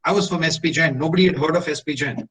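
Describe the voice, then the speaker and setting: Middle-aged Indian-accented male speaker, high voice, lively storyteller who voices all the dialogue, slightly distant mic. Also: quick pace. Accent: Indian English. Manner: animated storyteller acting out dialogue. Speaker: motivational speaker. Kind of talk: motivational storytelling talk.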